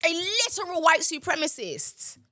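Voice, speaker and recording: A woman's voice: very high-pitched, sing-song, normal speed, pushed and bright, dry recording, clean studio sound. A young woman, hosting a podcast and ranting in an exasperated, repetitive way. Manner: exasperated, ranting, repeats herself. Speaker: podcast host. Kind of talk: casual ranting monologue.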